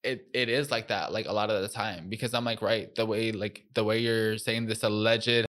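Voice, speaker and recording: A man with a low voice hosts a podcast in relaxed casual chat. He rambles eagerly and fills his talk with constant fillers. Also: moderate pace. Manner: rambling, heavy "like, right" fillers, enthusiastic. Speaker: podcast host.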